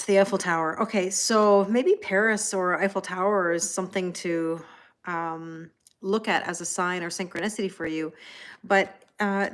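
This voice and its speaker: A woman's voice: medium pitch, a bit bright. A woman in her forties, chatty and laughing often, greeting viewers by name as she reads tarot cards on a live stream. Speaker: tarot reader. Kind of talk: casual live-stream card reading.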